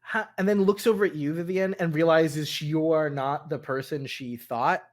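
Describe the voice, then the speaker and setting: A man narrating a tabletop role-playing game as game master, halting with many fillers between quick bursts. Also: a little high, fairly even intonation.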